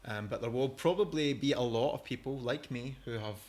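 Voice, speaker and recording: A man's voice: medium pitch, a little fast, a little mellow. Chatty Scottish man hosting a podcast. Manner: chatty, rambling, laughs easily. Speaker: podcast host. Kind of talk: casual interview chat.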